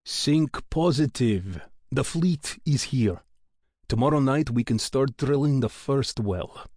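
A man voicing a cheerful, easygoing male oil engineer who talks in an unhurried, upbeat way. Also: mid-range voice, level tone, vocal fry, husky, no echo, studio quality, exaggerated voice. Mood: breezy.

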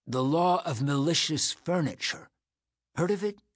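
A man's voice: a little high, lively intonation, a little slow, no room sound, pitched above the performer's own voice. A man voicing a sick teenage boy who grumbles and makes wry jokes. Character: sick sixteen-year-old boy, grumbling and joking.

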